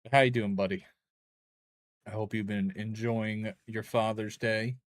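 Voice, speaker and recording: Low-voiced, rambling young man streaming. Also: steady tone, a little slow, no echo. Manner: rambling, joking, crude. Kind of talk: casual gaming stream chat.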